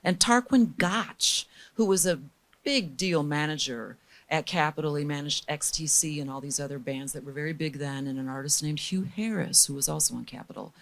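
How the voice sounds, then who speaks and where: A middle-aged woman being interviewed as a guest, telling lively, candid stories and acting out the people she quotes. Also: low voice, normal speed, creaky. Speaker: guest recording engineer. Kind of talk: storytelling in a casual interview.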